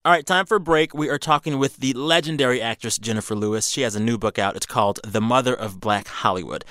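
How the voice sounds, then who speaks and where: A man's voice: mid-range voice, fast talker, pushed and bright, dry recording, clean studio sound. A man hosting an interview in an easygoing way, laughing along with his guest. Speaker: host. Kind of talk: conversational interview.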